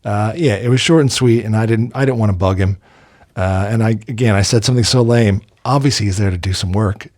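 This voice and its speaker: A man's voice: lowish voice, a little fast, darkish tone, dry recording, studio quality. A middle-aged American man hosting a casual spoken tribute, meandering through film memories with lots of ums and uhs and an enthusiastic, chatty tone. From United States. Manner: chatty, enthusiastic about films. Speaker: host.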